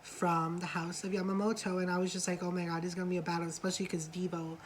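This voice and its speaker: A woman co-hosting a reality show review in casual chat, gossipy and quick to swear, acting out what the cast said. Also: lowish voice, level tone, slight background noise, poor audio. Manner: chatty, gossipy, swears freely, acts out quotes.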